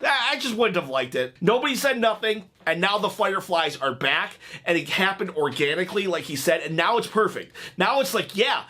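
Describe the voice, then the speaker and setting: A man's voice: high voice, expressive, brisk, few pauses, pushed and bright. A man hosting a wrestling reaction video, chatting casually and joking, laughing at his own stories.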